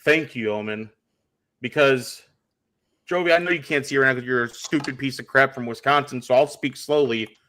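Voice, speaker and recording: Cocky wrestler guy trash talking, mid-pitched voice. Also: normal speed, sharp tone, a little hiss or hum. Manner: arrogant, taunting. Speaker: pro wrestler guest. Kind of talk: wrestling promo trash talk.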